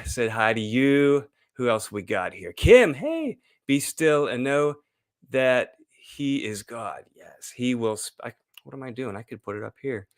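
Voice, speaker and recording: A man hosting a casual live stream, chatting loosely and reading scripture slowly and dramatically. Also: mid-range voice, vocal fry. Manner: loose, rambling, playful.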